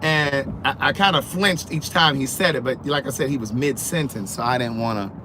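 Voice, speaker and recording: A man vlogging from his car, chatting in an animated, sassy way and answering comments, sounding sleepy. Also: mid-range voice, a little fast. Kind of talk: casual chat while driving. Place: in a car on the road. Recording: car road noise. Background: road noise.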